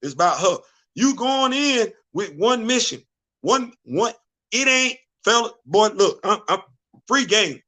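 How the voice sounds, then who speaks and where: High-voiced man, stammering livestream host. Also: lively intonation, measured pace, sharp tone. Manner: repetitive, stammering restarts, sings snatches of songs. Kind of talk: casual livestream commentary. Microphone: streaming setup.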